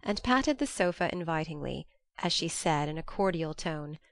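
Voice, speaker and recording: Woman reading a classic novel aloud, lowish voice, dry close mic, measured pace. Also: animated, no echo. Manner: measured, gently earnest reading. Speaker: narrator. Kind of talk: audiobook reading.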